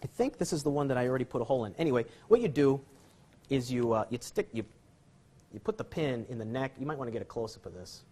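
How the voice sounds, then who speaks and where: A man's voice: medium pitch, expressive, quick pace, warm tone. A man giving a magic lecture, telling rambling self-deprecating stories and restarting his sentences often. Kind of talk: rambling comic storytelling and demonstration.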